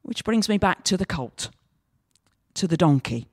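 Woman pastor, sermon, slow and deliberate, reflective storytelling, dry close sound. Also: lowish voice, expressive, a little mellow, breathy edge, dry recording. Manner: measured, reflective preaching with storytelling.

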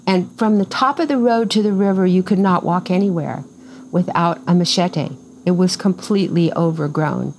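A woman's voice: on the low side, normal speed, a little hiss or hum, low-quality recording. An older woman casually telling a long story in an interview outdoors on a farm, restarting sentences and acting out what people said. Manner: lively, acts out quoted voices, rambling restarts.

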